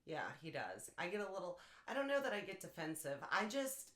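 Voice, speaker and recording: A woman's voice: lowish voice, very animated, a little fast, fairly bright tone, roomy sound. A woman co-hosting a podcast, chatting casually and laughing often as she tells stories about her husband. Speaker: podcast co-host. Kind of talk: casual chat.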